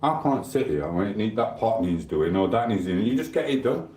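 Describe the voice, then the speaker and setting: Low, dark-voiced man rambling. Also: lively intonation, a little fast, roomy sound. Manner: rambling, swearing, chatty asides to viewers. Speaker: livestream host. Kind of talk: rambling casual chat.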